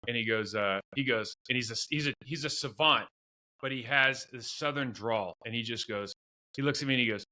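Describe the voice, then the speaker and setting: Bright-voiced former football player telling stories. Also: male voice, mid-range voice, fairly quick. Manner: rambling, self-deprecating storyteller with many restarts. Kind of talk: storytelling in a podcast interview.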